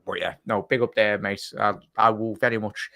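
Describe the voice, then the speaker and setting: Gravelly fan host. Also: male voice, fairly low pitch, fairly even intonation, normal speed, bright, forceful tone, no echo. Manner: chatty, teasing, reads out chat messages. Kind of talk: casual live-stream chat.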